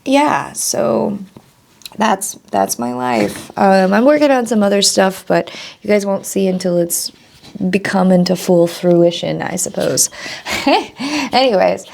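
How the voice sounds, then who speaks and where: A woman's voice: mid-range voice, expressive, takes it slowly, gravelly, darkish tone, slight background noise. A young woman streamer talking candidly to the camera, rambling and swearing casually. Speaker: streamer and content creator.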